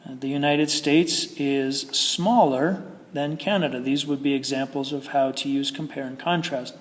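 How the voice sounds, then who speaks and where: A man's voice: mid-range voice, steady tone, normal speed, big-room sound. A man teaching English grammar in a patient, explaining manner with frequent fillers. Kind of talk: recorded grammar lesson.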